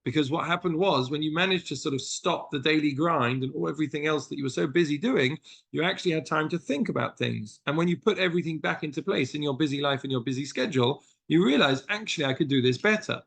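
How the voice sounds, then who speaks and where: He talks fast in a slightly high, gravelly voice that is fairly bright with a breathy edge. A British rabbi, he teaches a text study lesson, reading passages aloud and illustrating them with stories in an earnest, explanatory tone.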